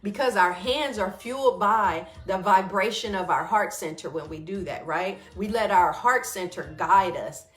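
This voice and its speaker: A woman's voice: medium pitch, normal speed, hardly any pauses. Woman host, conversational and engaging, roomy echo, faint music behind. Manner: warm conversational, often checks in with listeners. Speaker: wellness teacher and host. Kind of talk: casual spoken reflection and guided practice.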